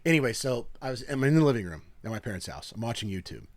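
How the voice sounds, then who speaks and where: Animated young man telling stories, dry sound. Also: medium pitch, rapid-fire, dry recording. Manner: animated storyteller, acts out quoted people loudly. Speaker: podcast co-host. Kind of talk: casual chat. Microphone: podcast mic at a table.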